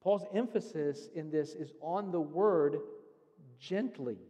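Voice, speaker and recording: A man's voice: fairly high pitch, takes it slowly, mellow, big-room sound. A man preaching a sermon as pastor, earnestly explaining scripture step by step. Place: church sanctuary.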